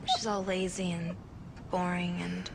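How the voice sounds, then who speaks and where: A woman playing a character in a TV ad, speaking plaintively and confidingly about a friend, with a gravelly voice. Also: lowish voice, little pitch movement, a little slow. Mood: wistful. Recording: TV ad audio with noise.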